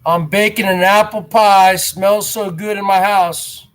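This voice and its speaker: A man's voice: high voice, fairly even intonation, measured pace. A man in his forties, vlogging from home in a rambling, mocking rant, tacking "man" onto his lines. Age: 40s. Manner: repetitive, drawls "man" at line ends. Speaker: vlogger host.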